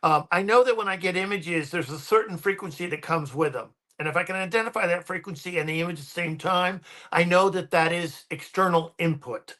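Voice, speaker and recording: A man guesting on a podcast, chatting casually and winding through his stories with frequent ums and restarts. His voice is fairly high and bright. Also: fairly quick, few pauses. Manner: rambling, many ums and restarts. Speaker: guest paranormal researcher.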